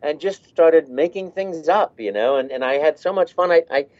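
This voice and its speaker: A man's voice: a little high, moderate pace, a little mellow, lo-fi sound. A man who works as a voice actor, talking casually in an interview and laughing as he demonstrates voices.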